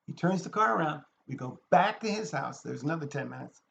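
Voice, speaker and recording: A man telling a personal anecdote in a lively way, acting out the people in it. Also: a little high, fairly quick, gravelly, slight background noise. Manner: animated, acts out the people in his story. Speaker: storyteller. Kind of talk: anecdote told aloud.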